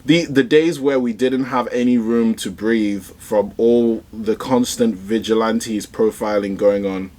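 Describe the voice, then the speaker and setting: A man giving casual, excitable reaction commentary on a manga chapter, rambling with slang and fillers. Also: on the low side, unhurried, few pauses.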